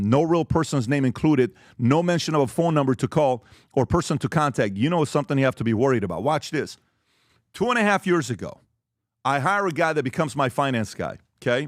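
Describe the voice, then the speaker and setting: A man's voice: on the high side, no room sound, studio quality. Man giving an emphatic business talk. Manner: animated storytelling, acts out quoted exchanges; direct and emphatic, lists points quickly. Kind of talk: business presentation to a live audience.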